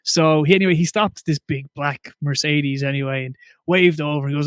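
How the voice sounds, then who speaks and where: A man with a West Cork Irish accent, hosting a podcast and telling stories in casual, animated chat. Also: on the high side, normal speed, smooth, no echo. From Ireland. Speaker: podcast host.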